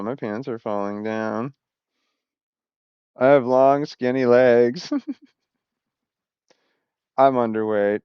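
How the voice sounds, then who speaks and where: A man's voice: medium pitch, slow pace, long pauses, clear, resonant tone, no room sound, highs cut off. A man talking to camera in a rambling personal vlog, often losing his thread and swearing a lot. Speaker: vlogger.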